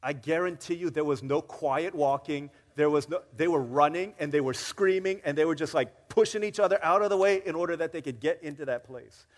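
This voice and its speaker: A man preaching a sermon, telling a story in a lively way and acting out the quoted voices. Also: on the high side, a little fast, few pauses, long reverb tail. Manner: animated storyteller, acts out quotes with rising excitement. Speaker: pastor. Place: church sanctuary.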